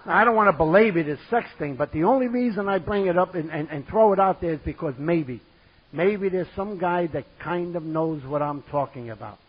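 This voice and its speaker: A man tells his recovery story to an audience at a conference. His voice is husky and sits a little high, and he leans on repeated lines and deadpan punchlines. The recording sounds dull and lo-fi. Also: brisk. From New York. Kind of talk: personal recovery talk to an audience.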